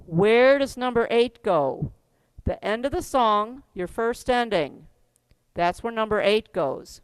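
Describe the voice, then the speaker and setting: A woman's voice: a little high, lively intonation, takes it slowly, smooth, dry recording. Chatty woman teaching a keyboard class. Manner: chatty, laughs often, step-by-step instructions.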